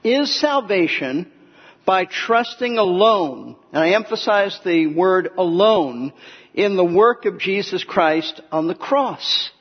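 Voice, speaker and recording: High voiced guy preaching, kinda husky, earnest and pushy about each point, dull recording with big hall echo. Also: lively intonation, takes it slowly. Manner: earnest, emphatic, explaining scripture step by step. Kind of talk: expository sermon. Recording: echoey hall, muffled lo-fi sound.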